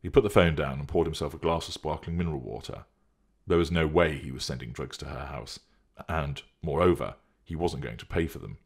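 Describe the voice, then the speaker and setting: A man narrating a story in a deliberate, measured way. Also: extremely low pitch, creaky, husky. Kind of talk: scripted audiobook narration.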